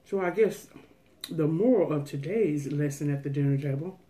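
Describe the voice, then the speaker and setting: A woman's voice: deep voice, normal speed, warm tone. A woman food vlogger chatting casually to her viewers, folksy and preachy, giving them a pep talk.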